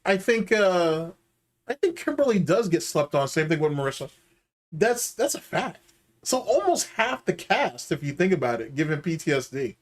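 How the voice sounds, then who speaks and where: Animated trash-talking streamer man. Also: a little high, normal speed. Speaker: streamer host reacting to clips. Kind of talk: casual live-stream commentary.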